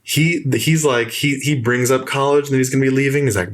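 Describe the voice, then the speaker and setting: A young man hosting a film podcast, casually and mockingly retelling movie scenes with animated play-acting. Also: mid-range voice, a little fast. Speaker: podcast host.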